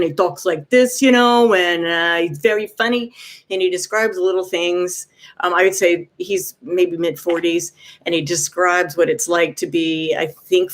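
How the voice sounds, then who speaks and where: Soft-spoken lady vlogger, kind and encouraging, lots of little pauses and ums, chatting to a viewer. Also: lowish voice. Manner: gentle and encouraging, pauses often with "um". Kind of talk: casual heartfelt advice talk.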